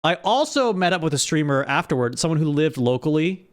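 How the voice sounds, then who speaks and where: A man's voice: a little high, very animated, brisk. A man streaming live, chatting casually with his audience and often restarting his sentences. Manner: rambling, with frequent restarts.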